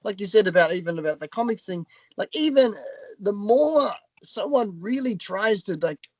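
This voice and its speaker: A man hosting an interview over a video call, talking haltingly with many fillers. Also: high voice, animated, no room sound. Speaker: podcast host. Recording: dry, dull lo-fi call audio.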